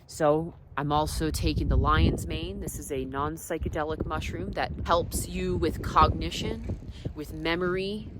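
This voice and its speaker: A woman telling personal stories in a casual, reflective vlog. She drifts between soft asides and emphatic points. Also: low voice, steady tone, measured pace, heavy background noise. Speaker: wellness vlogger.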